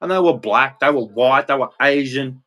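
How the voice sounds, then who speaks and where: A man's voice: medium pitch, normal speed, bright, forceful tone. An Australian man in his thirties ranting bluntly and heatedly in a casual monologue, swearing freely. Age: 30s. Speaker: vlogger.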